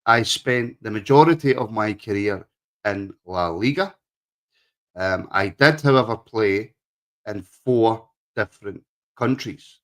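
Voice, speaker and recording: Chatty man, lowish voice. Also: takes it slowly, fairly bright tone. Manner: chatty, laughs often, reads out viewer comments. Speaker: podcast co-host. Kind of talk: casual chat.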